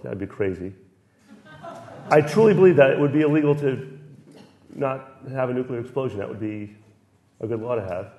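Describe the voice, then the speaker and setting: A man's voice: mid-range voice, mellow. Rambling, jokey man on a panel. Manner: rambling, self-deprecating, jokey. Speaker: guest panelist. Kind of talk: casual banter.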